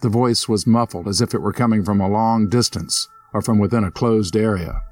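A man narrating a scripted ghost story in a steady storytelling manner. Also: a little fast, faint music behind. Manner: steady storyteller, voices characters with lifted pitch. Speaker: narrator and host.

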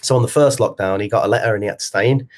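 A man with a fairly low voice talks very fast while co-hosting a podcast, chatting casually. He is a company co-founder and speaks frankly and from the heart, sprinkling in "like" and the occasional swear word.

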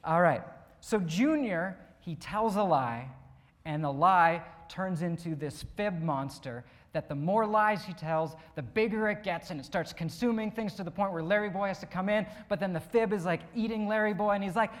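A man's voice: high-pitched, normal speed, long reverb tail. A man preaching a conversational sermon in a church, chatty and full of fillers, often asking the congregation questions.

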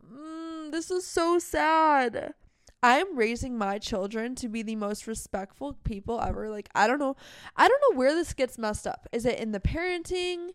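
A woman's voice: sits high, clear, resonant tone, no echo, studio quality. A young woman hosting a podcast, talking heatedly and candidly in a casual monologue full of "like". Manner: heated, fast and emphatic, heavy use of "like". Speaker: podcast host.

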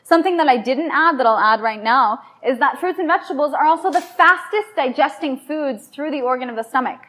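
At an evening talk on raw food and yoga, a woman speaks to the crowd in a high-pitched, fairly bright voice. She keeps it chatty and playful, frequently asking the audience questions.

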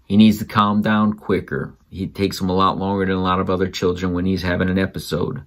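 Lively man, slightly low voice. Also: brisk. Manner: animated, jumps up in pitch when quoting others; advice-giving, emphatic on key words. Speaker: father. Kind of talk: casual storytelling to camera.

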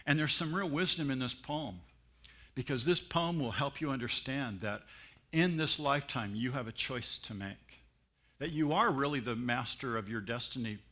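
Animated, bright-voiced male pastor. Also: mid-range voice, normal speed. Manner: animated storytelling with mimicry and laughs. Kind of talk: sermon.

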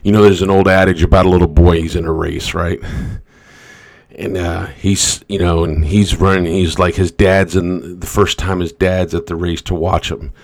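A man's voice: low voice, flat delivery, moderate pace, darkish tone, no echo. A man telling a motivational story in a loose, rambling way, full of asides.

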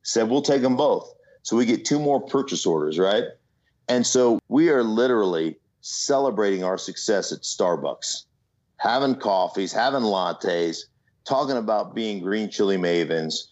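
Man spinning a lively business story, slightly muffled. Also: on the low side, measured pace. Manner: animated storyteller, mimics other voices, many "right?" asides. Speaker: guest, former football player and entrepreneur. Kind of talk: storytelling in an interview. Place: remote from home city.

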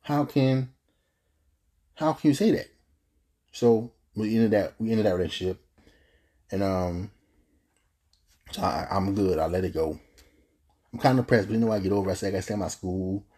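Young guy rambling thru his own story, kinda low and husky, earnest. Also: a little fast, long pauses, dark tone. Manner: earnest, rambling, with frequent restarts and fillers. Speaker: podcast host telling his story. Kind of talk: casual personal storytelling.

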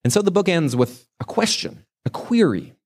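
A man's voice: sits high, very animated, moderate pace, darkish tone. A man preaching a sermon as a pastor, retelling a scripture story earnestly and stretching key words for emphasis.

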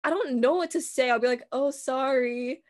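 A young woman co-hosting a casual podcast, telling stories in a giggly, animated way and acting out what people said. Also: sits high, quick pace. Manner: giggly, animated storytelling with acted quotes. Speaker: podcast co-host. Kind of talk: casual chat.

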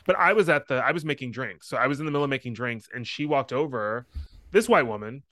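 Brief: young male podcast co-host, lively storyteller, bright tone, dry close mic. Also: mid-range voice, fast, dry recording. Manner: animated storyteller, acts out voices, laughs often. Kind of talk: casual chat.

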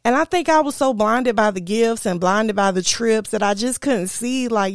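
Young woman podcast host, chatty storyteller, gravelly edge, dry close sound. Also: a little high, moderate pace, few pauses, dry recording. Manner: chatty, animated, addresses listeners as y'all. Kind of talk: casual storytelling.

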